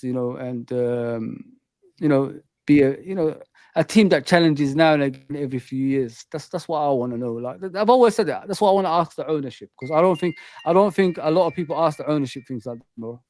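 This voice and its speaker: A man's voice: fairly high pitch, a little mellow, dry recording. A man hosting a casual football chat, talking loosely with lots of "man" and "bro". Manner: chatty, says "man" and "bro" a lot. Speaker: host.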